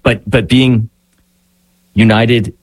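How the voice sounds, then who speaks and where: A man's voice: medium pitch, steady tone, drawn-out words, no room sound. A man, a priest and spiritual director, speaking thoughtfully on a radio talk show and often searching for words. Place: radio studio.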